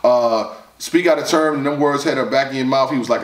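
A man recapping a battle rap in casual, animated, profane commentary, reacting loudly and repeating words as he quotes lines. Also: mid-range voice, a little fast, roomy sound, distant mic.

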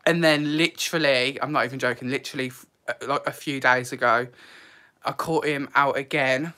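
A man's voice: medium pitch, fairly even intonation, normal speed, sharp tone. A man chatting on a live stream in a casual, emotional way, leaning on "like" and "literally.".

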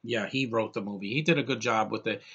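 A man talking straight to camera in a casual movie review vlog, excitable and gushing, rambling with stops and restarts. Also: on the low side, fast, breathy edge, lo-fi sound.

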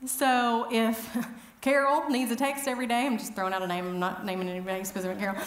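A middle-aged woman with a fairly high voice tells stories at an event, chatty and self-mocking. Her animated delivery rings out in a roomy, echoey hall. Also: quick pace. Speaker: event speaker. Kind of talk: humorous storytelling talk.

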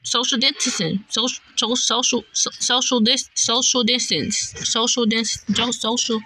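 Excitable high-voiced woman yelling at a game. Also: a little slow, slightly rough. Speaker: gamer. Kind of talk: let's-play gameplay commentary.

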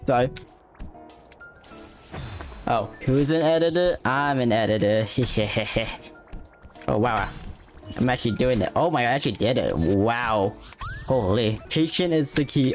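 A streamer giving excitable gaming commentary, yelping, shouting and hyping themselves up. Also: mid-range voice, a little slow, long pauses, soft background music. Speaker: streamer playing a platform game.

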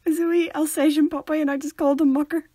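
A woman's voice: high-pitched, level tone, fast, warm tone, no echo, clean studio sound. A young woman with a Northern Irish accent, co-hosting a podcast in playful, giggly casual chat. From Northern Ireland. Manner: playful, giggly, puts on gruff voices. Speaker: podcast co-host.

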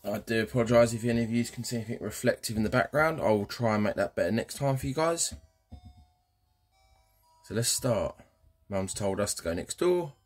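Male let's-player, low husky voice, cheeky banter to viewers. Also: a little fast, faint music behind. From England. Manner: cheeky, banter-heavy, keeps addressing viewers. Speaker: gaming channel host. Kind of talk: casual let's-play commentary.

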